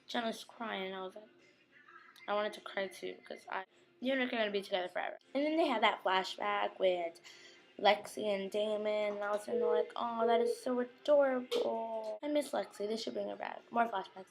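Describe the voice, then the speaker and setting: A young woman giving a casual fan recap of a TV episode, chatty and slangy, acting out scenes in quick quoted asides. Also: mid-range voice, creaky, rough recording.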